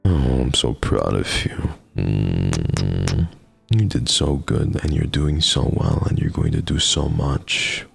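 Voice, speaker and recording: A man's voice: very deep voice, takes it slowly, gravelly, husky, soft background music. A man streaming live in casual chat, talking to his viewers in an affectionate, encouraging pep-talk way. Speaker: livestreamer.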